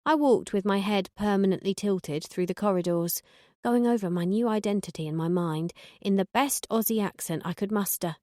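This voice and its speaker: Casting note: woman, mid-pitched, deadpan first-person audiobook reader, very dry close sound. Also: normal speed, no echo. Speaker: audiobook narrator.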